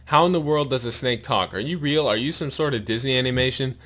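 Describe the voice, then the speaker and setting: A man with a sore mouth voicing a parched, bewildered stranded man who croaks out questions in a storybook reading. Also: mid-range voice, fast, a bit bright, natural voice. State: sore mouth after wisdom tooth removal.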